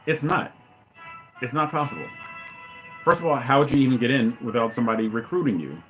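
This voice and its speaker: A man's voice: mid-range voice, fairly quick, soft background music. Man ranting fan commentary. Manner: ranting, exclaims loudly. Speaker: channel host.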